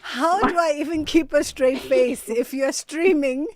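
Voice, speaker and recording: A woman hosting a radio talk show, speaking in an animated way, drawing out words for emphasis. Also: sits high, a little slow.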